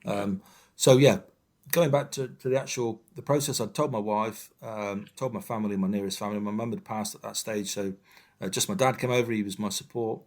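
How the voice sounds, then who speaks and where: A man in his fifties, a firefighter guest speaking frankly and haltingly with many fillers in an interview. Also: lowish voice, fairly even intonation. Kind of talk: candid personal interview.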